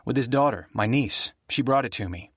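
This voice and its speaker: A man voicing a tense, grieving former professor who speaks in a quiet, controlled way in an audiobook. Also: mid-range voice, normal speed, no echo, studio quality, close to an everyday voice. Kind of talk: audiobook character voice.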